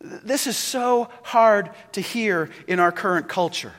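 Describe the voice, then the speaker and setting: A man preaching a sermon as pastor, swinging between loud calls and hushed, low lines. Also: unhurried, few pauses. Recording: reverberant hall.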